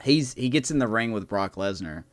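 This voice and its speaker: A man hosting a livestream, chatting casually and telling a story in an animated way with lots of laughs. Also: on the low side, moderate pace, no echo. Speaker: livestream host. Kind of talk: casual chat on a gaming stream.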